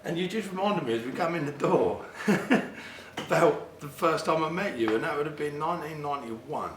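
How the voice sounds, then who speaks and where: A man's voice: on the high side, lively intonation, moderate pace, roomy sound, slight background noise. A man interviewing a friend in casual chat, chummy and eager, prodding for stories.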